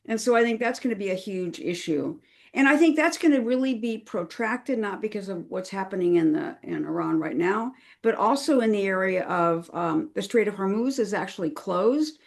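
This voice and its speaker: A woman's voice: mid-range voice, animated, moderate pace, gravelly. A woman speaking as a guest on a podcast interview, chatty and earnest, with frequent fillers and restarts. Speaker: crisis management consultant, podcast guest.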